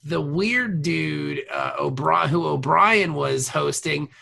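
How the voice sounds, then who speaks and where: A man's voice: fairly high pitch, very animated, creaky, bright, forceful tone. A man co-hosting a podcast in casual chat, joking around and laughing often. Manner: joking, jumps into quick impressions, laughs often. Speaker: podcast co-host.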